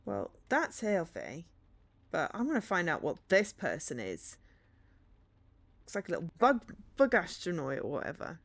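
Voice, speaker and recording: A woman's voice: fairly low pitch, wildly swooping pitch, moderate pace. A woman streamer reading a story game aloud, with dry, sarcastic asides.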